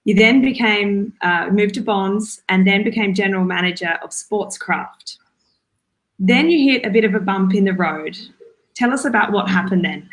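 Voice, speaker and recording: A woman hosts an interview, setting up each question with enthusiastic and encouraging prompts. Her voice sits at an ordinary middle pitch. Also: normal speed, rough recording. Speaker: host, interviewer.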